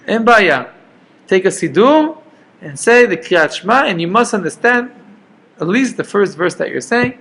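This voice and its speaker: Gravelly-voiced man teaching a Torah class. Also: high voice, fairly bright tone. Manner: conversational, checks in with "okay?" and "right?". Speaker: rabbi teaching Jewish law.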